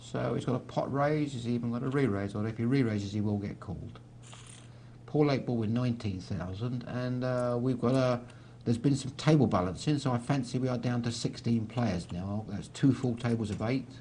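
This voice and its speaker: A man's voice: mid-range voice, moderate pace, warm tone, slight background noise. A man gives live poker commentary, walking through each hand with a chatty manner and dry teasing asides to his co-host.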